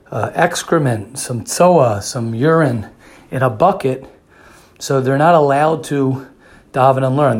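A man's voice: mid-range voice, a little mellow. A man giving a sermon who repeats phrases for emphasis and often restarts his sentences. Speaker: religious speaker.

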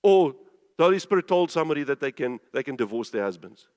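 A man's voice: fairly high pitch, big pitch swings, fast, a little mellow. A man preaching a sermon, emphatic and full of rhetorical questions, urging his listeners to pay attention. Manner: urges listeners to pay attention, repeating himself. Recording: long reverb of a large hall.

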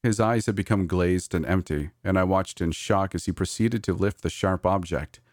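A man reads a scripted horror story at a measured, steady pace. His voice sits very low, and the recording is dry with no room sound. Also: no room sound. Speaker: narrator.

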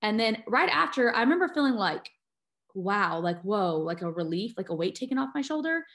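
A woman's voice: medium pitch, very animated, a little fast, a bit bright. A woman, an adoptive mother and guest, telling her personal story with feeling, tearful and full of fillers and restarts.

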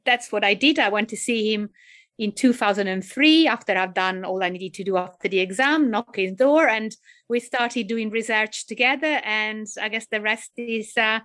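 A woman's voice: medium pitch, normal speed, fairly bright tone. An older woman, a psychiatrist and researcher, chatting and telling stories as an interview guest over a video call from home. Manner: chatty, storytelling, laughs easily. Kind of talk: interview conversation. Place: home, pets behind.

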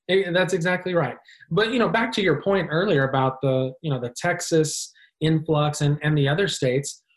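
A male guest in a casual political discussion, explaining points steadily, with frequent "you know" and "uh". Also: fairly high pitch. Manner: measured, explanatory, filler-heavy.

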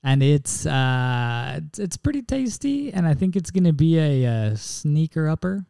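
A man with a fairly high, smooth and resonant voice chats easygoingly as co-host, trailing into fillers and restarts. The sound is dry and close, with no room in it. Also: sing-song, measured pace, dark tone, no room sound. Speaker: podcast co-host. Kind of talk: casual chat.

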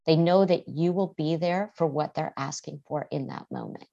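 A woman therapist talks calmly through her ideas for a podcast, now and then voicing what people might say. Her voice sits somewhat low. The sound is a bit dull and lo-fi. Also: normal speed, vocal fry. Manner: calm, explanatory, acts out quoted speech. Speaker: therapist, guest. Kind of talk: podcast interview.

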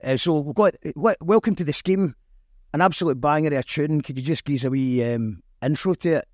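A man's voice: a little high, a little fast, no echo, studio quality. A Scottish man hosting a casual chat show, interviewing a guest and reading viewer comments aloud. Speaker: podcast host.

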